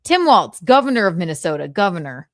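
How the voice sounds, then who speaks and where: A woman's voice: on the low side, sing-song, brisk, a bit bright, dry recording, clean studio sound. A young woman hosting a casual livestream, talking candidly, swearing freely and laughing often. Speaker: livestream host.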